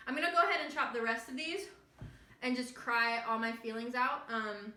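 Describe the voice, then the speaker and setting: A woman's voice: fairly high pitch, fairly even intonation, normal speed, bright, forceful tone, reverberant. A young woman hosting a casual cooking tutorial, chatty and self-deprecating, joking through her kitchen mishaps. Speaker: library cooking tutorial host. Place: home kitchen.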